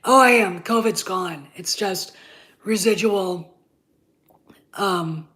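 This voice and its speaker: A woman's voice: mid-range voice, slow pace, a bit bright. A woman hosting her own channel, giving blunt, profane, heated opinion commentary with a congested voice while getting over covid. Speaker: channel host.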